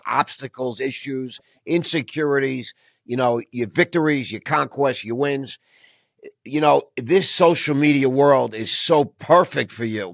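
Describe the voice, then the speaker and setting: A middle-aged man hosting an interview, talking haltingly with many restarts. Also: medium pitch, creaky, dry recording, clean studio sound. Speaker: podcast host. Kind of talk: casual interview chat.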